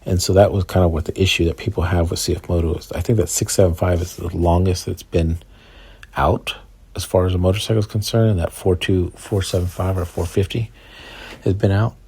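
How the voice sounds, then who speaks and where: Low husky-voiced man telling a rambling story. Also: steady tone, fairly quick, a little mellow, dry recording. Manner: rambling, offhand, lots of fillers and quoted asides. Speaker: motorcycle vlogger. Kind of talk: casual storytelling vlog.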